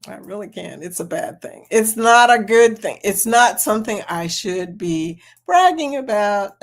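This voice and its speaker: A middle-aged woman hosting a casual livestream, reading the chat and talking with viewers in an animated way, laughing often and calling them girl and y'all. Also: mid-range voice, unhurried.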